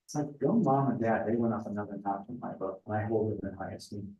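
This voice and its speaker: A middle-aged man speaking at a spiritual retreat in a conversational, thoughtful way, often pausing with fillers. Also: on the low side, gravelly, dark tone, highs cut off. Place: retreat house meeting room. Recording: echoey room, voice picked up from a distance.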